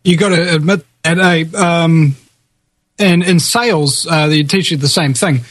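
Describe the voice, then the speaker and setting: A man's voice: fairly high pitch, unhurried, fairly bright tone, no room sound. A male guest in a casual talk show conversation, opinionated and hesitant at the starts of his thoughts.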